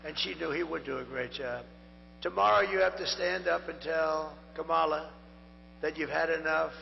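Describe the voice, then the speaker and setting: At a big rally venue, a political candidate in his seventies rambles and repeats himself, adding boastful asides as his strained voice tires. He speaks at normal speed in a slightly high, gravelly voice with fairly even intonation. The recording is a dull, echoing hall feed with hum.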